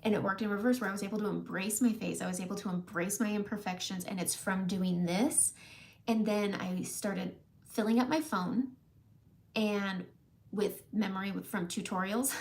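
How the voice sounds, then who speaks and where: A woman makeup vlogger talking casually and warmly to her viewers, emotional and close to tears at times, often laughing. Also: mid-range voice. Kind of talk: casual heartfelt talk to camera.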